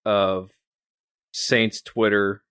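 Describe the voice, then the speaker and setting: A man's voice: on the low side, little pitch movement, very slow, a bit bright, smooth, no echo, clean studio sound. A young man hosting a casual sports podcast, rambling with lots of fillers and restarts. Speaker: podcast host.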